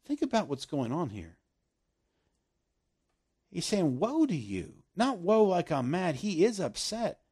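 A male preacher delivers a sermon with a very lively, swooping delivery and a voice pitched a little high. He pushes key phrases out loudly, then drops to hushed, almost whispered lines. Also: slow pace, pauses often, breathy edge. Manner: animated preaching that swings from loud emphasis down to hushed, near-whispered lines.

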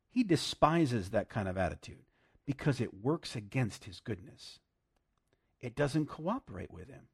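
A male preacher with a husky, slightly raspy voice delivers a sermon in a lively, swooping pitch. He talks plainly and emphatically, jumping from loud exclamations to hushed, whispered asides. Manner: laughs often, direct and plain-spoken.

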